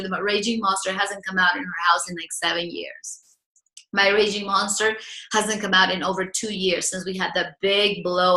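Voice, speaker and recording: A woman's voice: medium pitch, sharp tone, echoey room. A woman relationship coach, talking earnestly to viewers and acting out the lines they should say.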